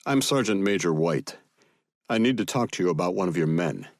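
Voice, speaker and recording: A man's voice: deep voice, animated, fairly quick, no room sound, clean studio sound. A man doing a blunt American sergeant major. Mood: insistent.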